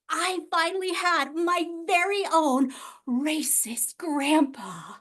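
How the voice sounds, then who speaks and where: A woman giving a humorous storytelling speech, wry and self-mocking, with dramatic pauses and sighs. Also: high voice, a bit bright. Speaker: club speaker. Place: event hall.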